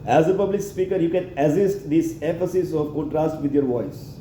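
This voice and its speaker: A man's voice: on the high side, normal speed, dark tone. A man reading a public speaking manual aloud, stopping to add his own comments, and often repeating or correcting words as he goes. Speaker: reader practicing public speaking. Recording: roomy echo with faint background hum.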